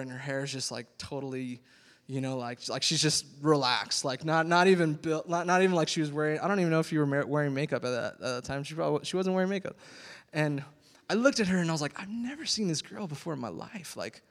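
A man, a youth pastor giving a casual, rambling sermon full of fillers and laughter. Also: a little high. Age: 20s. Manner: rambling, chatty, many fillers, laughs often. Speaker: youth pastor, worship leader. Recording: long hall reverb.

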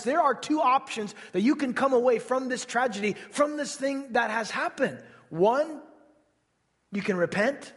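A male pastor delivers a sermon with a very high-pitched voice. He preaches earnestly, stressing his points through emphatic repetition. The sound carries a long hall reverb.

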